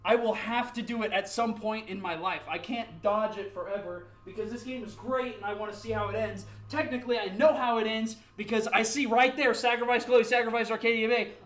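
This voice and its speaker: Young man, very high voice, rambling dramatic gaming rant, echoey room, drifts near and far from the mic. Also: fairly even intonation, a little fast, few pauses, fairly bright tone. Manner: rambling, dramatic, self-mocking; paces about the room, moving toward and away from the mic. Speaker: gaming YouTuber. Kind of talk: ranting gameplay commentary. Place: home room at his computer.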